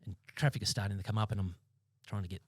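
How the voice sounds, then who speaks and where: An Australian man in his fifties, a former police sergeant, telling his story as a podcast guest in a blunt, halting way with many restarts. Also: fairly low pitch, little pitch movement, husky, dry recording, studio quality. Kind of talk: interview storytelling. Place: podcast studio.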